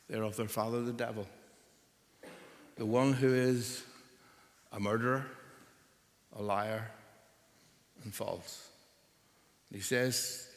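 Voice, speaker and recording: A male preacher delivering a sermon in a church hall, his mid-pitched voice ringing with long reverb. He talks with strong emphasis, climbing loud on key phrases and sinking quiet at their ends. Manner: emphatic, rises and drops for stress.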